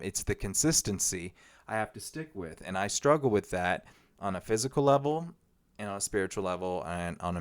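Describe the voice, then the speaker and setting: A man hosting a solo podcast, talking in a rambling, reflective way with frequent fillers. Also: sits low. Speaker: podcast host. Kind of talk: casual solo podcast monologue.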